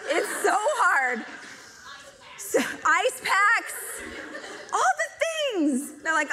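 A woman giving a live stage talk to an audience, telling stories in an animated, joking way. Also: extremely high pitch, drawn-out words, long pauses. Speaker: motivational speaker.

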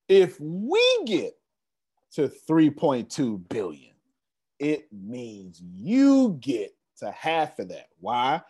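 Excitable man pitching on a call, husky. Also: very slow, pauses often. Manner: excitable, repeats phrases, casual slang. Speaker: presenter of an online business meeting. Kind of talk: animated motivational pitch.

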